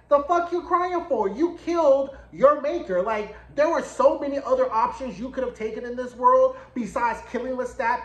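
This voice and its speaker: A man's voice: very high-pitched, fairly bright tone. Sassy, cussing man recapping a show, roomy sound. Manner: sassy, profane, blunt running commentary. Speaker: TV recap reviewer. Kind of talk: casual recap commentary. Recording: roomy echo.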